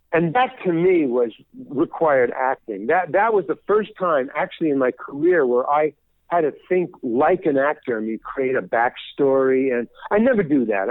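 A man's voice: mid-range voice, no room sound. Older male guest, casual rambling talk, tinny phone line. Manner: rambling, many restarts and repeated words. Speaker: guest actor. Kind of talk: casual interview chat.

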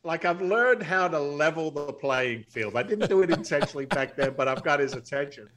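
Brief: middle-aged male guest, blunt storyteller, slightly high voice. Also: fairly quick. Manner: blunt, salty, animated storyteller. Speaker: podcast guest, real estate investor. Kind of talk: storytelling interview.

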